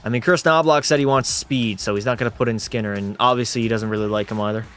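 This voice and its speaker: A man's voice: lowish voice, fast, fairly bright tone, faint music behind. A man hosting a livestream watch party, giving casual commentary and joking, swearing, and bantering with his chat. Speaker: livestream host.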